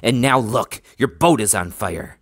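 A sneering kidnapper voiced by a man drawls his threats slowly, in a low voice. His taunts sound menacing and gruff. The recording is dry and close. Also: a bit bright, no echo.

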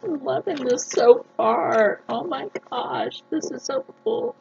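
A woman vlogging a casual unboxing, gushing and excitable, jumping into high squeals of delight. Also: slow pace, a crowd in the background. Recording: dull lo-fi sound with clear background noise.

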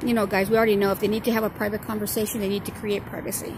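A woman on a city street talking to her viewers as she films, sarcastic and ready to argue, with sharp rises in volume when she pushes back. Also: medium pitch, level tone, racing, noisy background. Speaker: filming auditor. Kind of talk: running commentary to viewers while filming.

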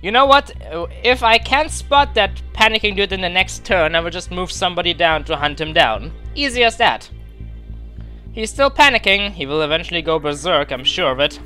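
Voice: mid-range voice, sing-song, moderate pace, bright, forceful tone, soft background music. A let's play commentator giving casual, gleeful commentary with a scratchy throat, talking to the soldiers on screen. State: throat acting up, clearing it.

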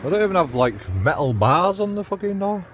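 A man's voice: high-pitched, very animated, fairly quick, fairly bright tone, a little hiss or hum. A man, walking outdoors and giving mocking commentary to his phone camera while laughing at his own jokes. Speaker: vlogger. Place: outdoors on city streets.

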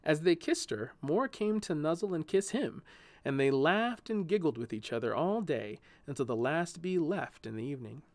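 A man narrating a children's style audio short story in an expressive, gently paced reading. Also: fairly high pitch, normal speed, no echo.

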